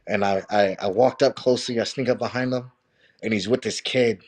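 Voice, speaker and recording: A man, a wrestling coach, telling stories as a podcast guest in an animated, profane way, often saying "bro". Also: on the low side, brisk. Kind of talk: casual storytelling.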